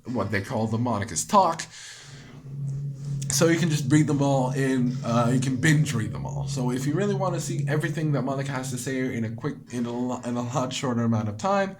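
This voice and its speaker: A man hosting a casual game commentary, excitable and rambling, swearing freely. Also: mid-range voice, a little fast, noisy background. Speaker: let's play host.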